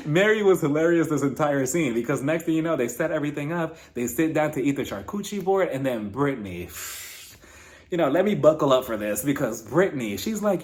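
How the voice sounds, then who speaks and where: Male recap host: sassy, gossipy, higher-pitched, very expressive delivery. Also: normal speed, pauses often. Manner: sassy, gossipy, laughs often. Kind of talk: casual episode recap commentary.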